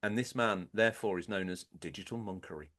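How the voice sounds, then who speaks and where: A man from England co-hosting a comedy gaming podcast, joking through mock-announcer sponsor reads with sudden loud bursts. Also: lowish voice, fast talker. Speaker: podcast co-host.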